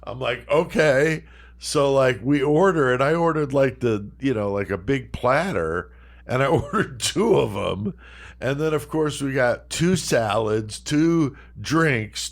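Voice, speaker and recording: Man, podcast co-host, casual storytelling, swears a lot, mid-pitched voice. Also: animated, takes it slowly. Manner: profane, laughing, acts out quotes.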